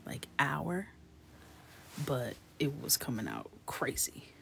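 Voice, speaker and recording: A woman's voice: very deep voice, wildly swooping pitch, takes it slowly, vocal fry, a bit bright, a little hiss or hum. A woman hosting a coloring livestream, chatting casually, laughing and reacting to viewers' comments. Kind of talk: casual chat while coloring.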